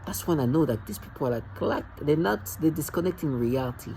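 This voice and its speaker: A man's voice: a little high, lively intonation, brisk, vocal fry, dark tone, slight background noise, poor audio. A man vlogging alone in a rambling, agitated and mocking rant, often stumbling and restarting his sentences. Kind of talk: rambling monologue to camera.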